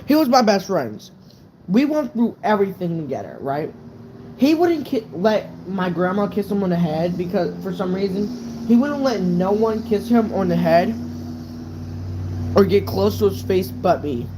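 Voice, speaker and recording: A man's voice: high voice, animated, moderate pace, noisy background. A young man casually telling a true story on a live stream, rambling and swearing, with lots of "right?" fillers.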